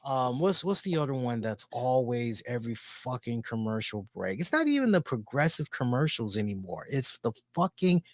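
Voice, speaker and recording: A man's voice: mid-range voice, normal speed, few pauses, no room sound. A man co-hosting a talk show, ranting casually with lots of swearing and jokes. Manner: animated, heavy swearing, jokey. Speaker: podcast co-host. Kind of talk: casual profane rant.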